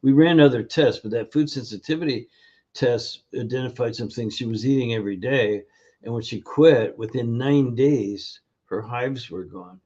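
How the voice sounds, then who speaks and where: A male functional nutrition educator with a mid-range, darkish voice and a breathy edge is interviewed casually over video as a guest. He tells halting, filler-laden stories and acts out the voices of the people in them. The audio is dull and lo-fi.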